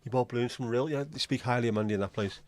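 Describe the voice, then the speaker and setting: A man's voice: medium pitch, rapid-fire. A man hosting a livestream, chatting casually and rambling from one joke to the next as he addresses his viewers. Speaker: livestream host.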